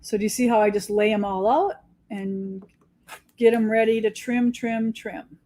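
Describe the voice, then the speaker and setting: A woman's voice: on the high side, steady tone, moderate pace, mellow, a little hiss or hum. A woman quilting teacher talking casually and enthusiastically while she demonstrates her sewing, joking about herself. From United States. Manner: chatty, enthusiastic, self-deprecating. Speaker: quilting teacher and shop owner.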